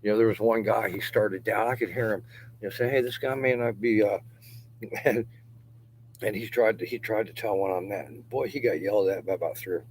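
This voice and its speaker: A man's voice: fairly low pitch, fairly quick, a little hiss or hum, poor audio. A middle-aged man talking to his camera outdoors in a yard in a rambling, profane monologue, laughing between phrases and dropping at times to a mutter or a whisper. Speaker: vlogger.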